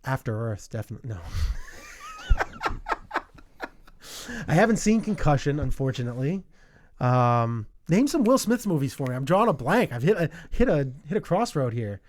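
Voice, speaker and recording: Casual male podcast co-host, high and lively, rambling jokey delivery. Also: normal speed, pauses often. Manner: rambling, joking, drawing blanks. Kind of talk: casual chat.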